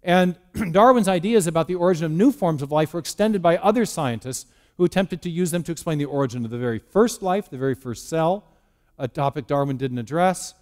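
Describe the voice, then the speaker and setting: A man's voice: a little high, lively intonation, a little fast, a little mellow. A man giving a public lecture to a live audience in a church, speaking conversationally with frequent ums and uhs. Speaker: guest speaker.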